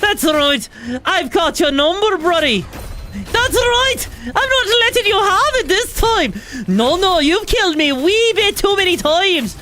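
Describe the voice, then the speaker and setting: A woman's voice: very high voice, big pitch swings, a little slow, bright, forceful tone, slight background noise, voice pushed up, heavily acted. A woman putting on a cheeky, taunting mock-Irish voice while playing a game. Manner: taunting, singsong, says "wee bit" a lot. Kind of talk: joking put-on voice while gaming.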